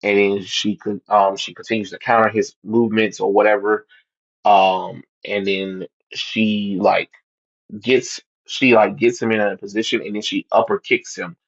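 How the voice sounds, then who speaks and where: A man with a fairly low voice talks through a comic book plot in a loose, casual way. He often stops, restarts and fills pauses with ums. The recording sounds muffled and lo-fi. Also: level tone. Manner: halting, frequent ums and restarts.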